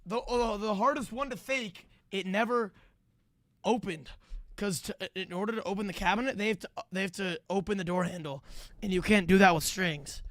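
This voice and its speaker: A young man streaming live, reacting to clips with excitable outbursts and laughs at a desk microphone. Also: high-pitched, moderate pace, no echo, clean studio sound.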